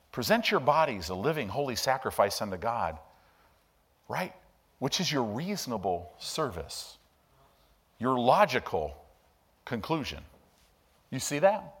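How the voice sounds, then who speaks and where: A man preaches in a church, his voice sitting high and swinging widely in pitch. He takes his time, lingering on words, then suddenly rises in fervent bursts. He sounds earnest and emotional. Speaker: pastor. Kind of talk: sermon. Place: church sanctuary.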